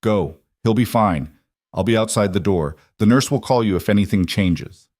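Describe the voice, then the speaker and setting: A man voicing a stern, protective woman in an audio story, speaking low and final. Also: moderate pace, darkish tone, no echo, clean studio sound, lightly acted. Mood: firm.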